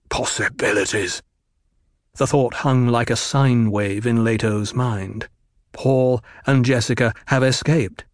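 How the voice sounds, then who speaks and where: Reading an audiobook, this medium-pitched male narrator tells the story in a steady, measured way. The sound is clean studio audio with a dry quality.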